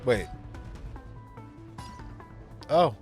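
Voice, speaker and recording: A man's voice: extremely slow, darkish tone, faint music behind. A man streaming a video game, casually reading its dialogue aloud and doing voices. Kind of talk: casual let's-play commentary.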